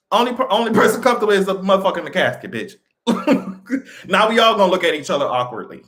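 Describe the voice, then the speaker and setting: A man hosting a casual livestream, talking in an animated, profane way with sudden jumps in pitch and frequent laughter. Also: fast. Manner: laughs often between remarks. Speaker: livestream host.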